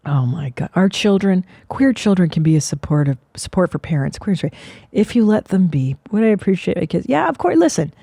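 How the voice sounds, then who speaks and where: A woman's voice: lowish voice, very animated, a little fast, gravelly, mellow, husky, dry recording. A woman in her forties hosting a comedy podcast, riffing in a sarcastic, profane way. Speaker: podcast host.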